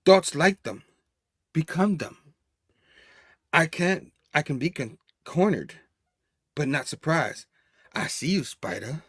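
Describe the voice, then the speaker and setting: A man voicing a grim, menacing male hunter villain in a slow, hushed dramatic reading. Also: on the high side, very animated, husky, no echo, studio quality, full character voice. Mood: brooding.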